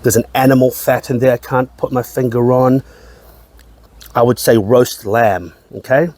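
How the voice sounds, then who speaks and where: A man's voice: medium pitch, steady tone, normal speed, darkish tone. A man reviewing whisky in a casual chat, rambling, repeating his phrases and swearing now and then. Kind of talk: casual tasting-note chat.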